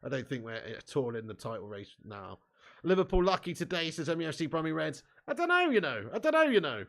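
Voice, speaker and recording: A man chats live to his viewers, reading their comments aloud as he goes. His voice sits a little high for a man, and he talks in excitable, laughing bursts, full of swearing and easy banter. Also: brisk, vocal fry. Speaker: live stream host.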